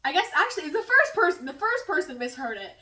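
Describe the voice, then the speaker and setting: A woman's voice: high-pitched, big pitch swings, fast, pushed and bright, echoey room, distant mic. A young woman vlogger telling a rambling story in a casual, giggly way while cooking in her home kitchen.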